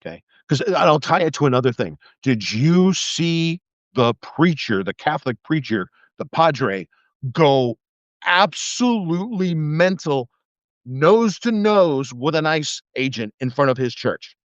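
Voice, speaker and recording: A man's voice: on the high side, sing-song, unhurried, no room sound, muffled recording. A man in his fifties, a former police officer, telling rambling stories on a live stream and swearing freely. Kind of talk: casual live-stream monologue.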